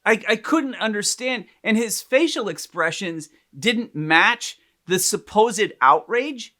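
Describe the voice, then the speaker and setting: A man's voice: high-pitched, expressive, slow, bright, forceful tone. A man co-hosting a podcast, telling a story in casual chat with lots of laughs and restarts. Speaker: podcast co-host, psychologist.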